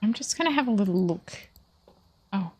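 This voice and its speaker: A woman's voice: mid-range voice, lively intonation, normal speed, darkish tone, slightly rough. A woman streaming a ghost-hunting game, thinking aloud and questioning the ghost. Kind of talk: live gameplay commentary.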